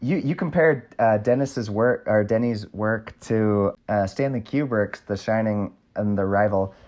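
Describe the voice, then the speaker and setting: Low-voiced man, halting podcast chat. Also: a little mellow. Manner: halting, restarts often. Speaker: podcast co-host. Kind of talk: casual movie-review chat.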